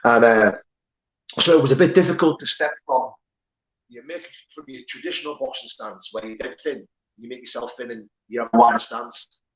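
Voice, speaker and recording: A man's voice: medium pitch, brisk. Guy rambling through his story in an interview, swears a lot, kinda muffled audio. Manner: candid, sweary, rambling with many fillers. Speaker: guest, former prisoner turned pro fighter.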